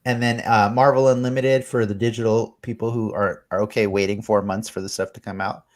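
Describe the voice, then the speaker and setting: A man's voice: lowish voice, level tone, brisk. A man hosting a casual podcast, easygoing and steering the rundown of news items. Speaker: podcast host.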